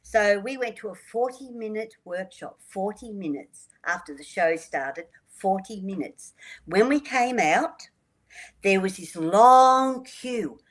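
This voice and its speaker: An older woman tells her story on the radio with lively energy. She slips into the voices of the people in her tale as she goes. Her voice sits at a middle pitch. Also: takes it slowly, low-quality recording. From Australia. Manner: lively storyteller acting out dialogue. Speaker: guest. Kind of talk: storytelling interview.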